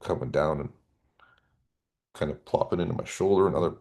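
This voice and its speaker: A former police officer in his forties appears as a podcast guest, earnestly recounting an emotional personal story. He has a bass voice that is fairly quick, a little mellow, and slightly rough.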